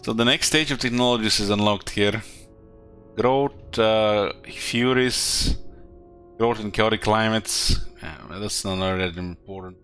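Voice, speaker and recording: A tired man talks through his strategy game live, musing aloud in loose, rambling sentences full of fillers. His voice is bright and forceful, with faint game music running underneath. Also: on the low side, measured pace. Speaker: streamer. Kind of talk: casual gameplay commentary.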